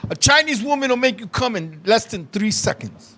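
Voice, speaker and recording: A man telling wild stories on a casual podcast, animated and profane, now and then bursting into shouts. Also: sits high, normal speed. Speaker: guest, independent wrestler.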